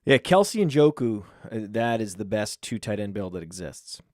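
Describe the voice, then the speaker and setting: A man talking as a guest on a casual fantasy football podcast, quick and opinionated, stuttering as he starts his points. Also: on the low side, very animated, darkish tone, dry recording, clean studio sound.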